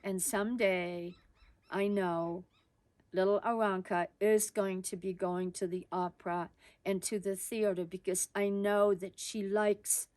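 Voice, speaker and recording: A woman voicing her grandmother as she retells a memory, speaking gently but insistently. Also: mid-range voice, fairly even intonation, measured pace, dry recording, close to an everyday voice. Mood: gently firm. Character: firm, loving grandmother.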